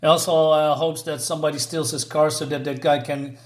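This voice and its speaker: A man's voice: on the high side, flat delivery, fairly quick. A man casually reviewing a comic book, incredulous and sarcastic, with lots of fillers.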